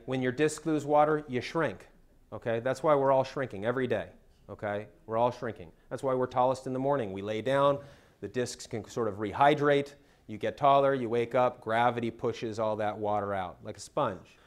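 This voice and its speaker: A spine surgeon, a man, giving an educational talk for patients, explaining step by step and often checking in with "okay?". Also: medium pitch.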